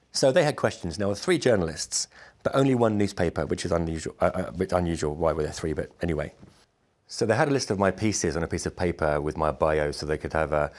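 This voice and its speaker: A man, a musician, recounting his travels to camera in a wry, animated storytelling manner. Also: deep voice. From Britain. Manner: animated, acts out other people's lines; wry, amused asides.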